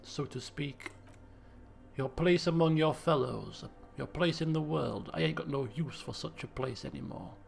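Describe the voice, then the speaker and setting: A man voicing a burnt-out former addict turned mystic in a video game, speaking slowly in a hushed, solemn tone. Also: fairly high pitch, creaky. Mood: solemn, dreamy.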